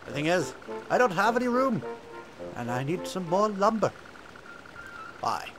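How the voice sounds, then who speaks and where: A man's voice: sits high, lively intonation, fast, over music, pitched above the performer's own voice. A man voicing a friendly male beaver-like creature from a game, with a wobbly put-on accent and chirpy politeness. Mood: chirpy, grateful.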